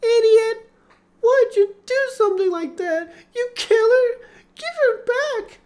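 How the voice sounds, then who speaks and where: A shrill, furious little girl. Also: slow pace. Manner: shrill, yelling and sobbing. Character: fiery little girl, tearful and quick to rage. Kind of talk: audiobook character voice.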